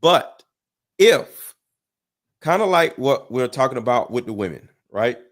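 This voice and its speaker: A man's voice: medium pitch, sing-song, a little slow. A man arguing heatedly in a debate, emphatic and profane, cutting in with "listen" and "hold on". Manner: emphatic, repeats himself, profane; interrupts with 'listen' and 'hold on'. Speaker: guest debater.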